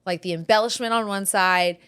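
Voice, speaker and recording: A woman in her thirties hosting a podcast, telling animated family stories with frequent laughter. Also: mid-range voice, fairly quick, clear, resonant tone. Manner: animated storyteller, laughs often. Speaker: podcast host. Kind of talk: casual chat.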